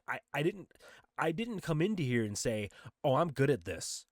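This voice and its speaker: A man's voice: fairly high pitch, sing-song, moderate pace, no room sound, studio quality. A man co-hosting a podcast in casual chat, ranting with swearing and acting out quotes in raised voices. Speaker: podcast co-host.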